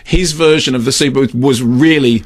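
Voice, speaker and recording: A man's voice: mid-range voice, moderate pace. A man reviewing a film in casual radio chat, rambling and sardonic, repeating words for comic effect. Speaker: film critic.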